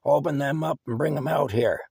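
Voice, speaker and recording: A man's voice: fairly high pitch, a little fast, vocal fry, a little mellow, slightly rough, no room sound, clean studio sound, voice pushed up, heavily acted. A man voicing a bossy, profane older woman who barks orders and swears.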